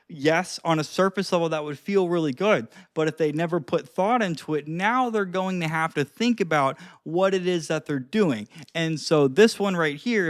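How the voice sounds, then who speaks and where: A man's voice: a little high, no echo, studio quality. A young man giving casual advice to his own camera, full of fillers like "dude" and acting out both sides of example chats. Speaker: dating and conversation coach.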